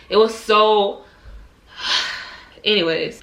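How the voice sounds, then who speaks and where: Bright candid woman in an echoey room. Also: medium pitch, moderate pace, slight background noise. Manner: emotional, candid, Southern-tinged slang. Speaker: vlogger. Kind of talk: confessional vlog storytelling.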